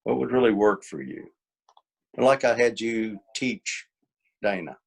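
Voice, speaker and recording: A man's voice: on the low side, a little slow, gravelly. A man presenting a workshop as an author, talking informally, repeating key points with emphasis and acting out quoted exchanges. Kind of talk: informal teaching talk.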